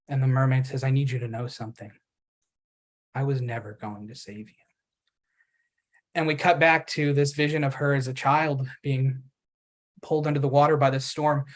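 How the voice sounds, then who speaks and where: A man pitching a screenplay at a festival event. He tells the story vividly and acts out the characters' quoted lines.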